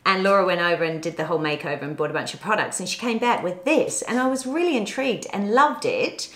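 A woman's voice: medium pitch, animated, quick pace, a bit bright. A middle-aged woman gives a chatty, instructive makeup tutorial and talks through each step as she applies it. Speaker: beauty vlogger. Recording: echoey room.

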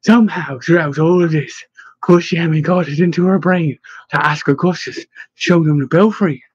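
A man narrating a storybook in a steady, even reading voice. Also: on the high side, moderate pace. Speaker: audiobook narrator. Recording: dull lo-fi dry recording.

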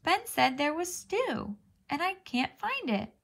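A woman doing a squeaky, eager young cat. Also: very animated, takes it slowly, vocal fry, fairly bright tone, full character voice. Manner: squeaky, eager, high-pitched. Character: excitable young female house cat. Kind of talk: storybook read-aloud.

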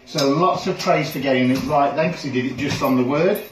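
A man working as a dog trainer, calmly explaining a training session with frequent ums. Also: medium pitch, fairly quick, few pauses, far from the mic, slight background noise. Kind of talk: instructional training video. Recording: roomy sound, speaker off from the mic.

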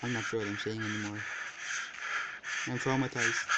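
A man's voice: fairly low pitch, fairly even intonation, normal speed, pauses often, heavy background noise. A man giving jokey, dramatic let's play commentary as a gaming video host. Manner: jokey, dramatic, shouts and screams at scares. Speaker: gaming YouTuber.

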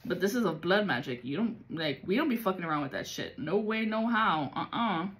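A woman's voice: lowish voice, expressive, fairly quick. A woman giving a casual spiritual reading, blunt and full of profanity and street slang. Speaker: psychic reader.

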